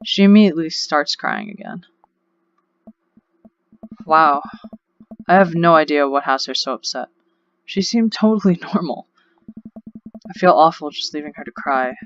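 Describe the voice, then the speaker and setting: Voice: medium pitch, a bit bright, lo-fi sound. A let's play host reading a dating game's text aloud, breaking off into rambling, chatty asides. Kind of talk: reading game text aloud with casual commentary.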